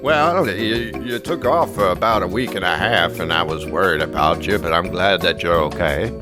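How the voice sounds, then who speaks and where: A man doing a deep, slow celebrity impression. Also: music in the background, lightly acted. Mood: friendly.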